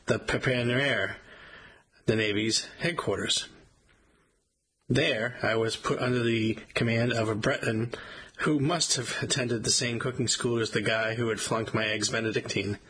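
A man reading a first-person memoir aloud in a wry, measured storytelling manner. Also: fairly low pitch, pushed and bright, breathy edge, low-quality recording. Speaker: audiobook narrator.

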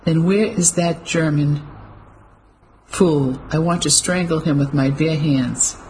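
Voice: mid-range voice, slow, a little mellow, a little hiss or hum, low-quality recording. Reader plays anguished, hopeless man, audiobook. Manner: anguished, bleak.

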